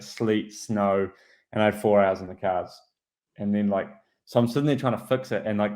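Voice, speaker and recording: A man with a somewhat low voice chats casually on a podcast. He tells a story and acts out what other people said. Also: a little mellow. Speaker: podcast co-host, pro cyclist. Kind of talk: casual chat, anecdotes.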